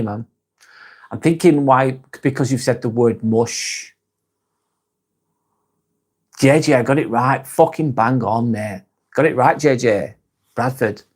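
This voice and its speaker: A man with a British accent hosting a casual live stream, reading out viewer comments and answering them bluntly, swearing freely and often laughing. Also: mid-range voice.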